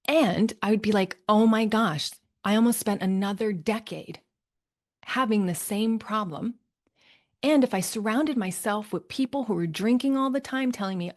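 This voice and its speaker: A woman's voice: a little high, normal speed. A middle-aged woman coach talking solo on a podcast, upbeat and chatty, often tagging lines with "right?". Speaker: midlife health coach, podcast host.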